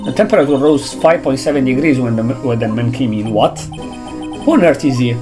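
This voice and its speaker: A man's voice: mid-range voice, normal speed, over music. A male streamer chatting casually over a game, rambling with restarts and self-deprecating asides.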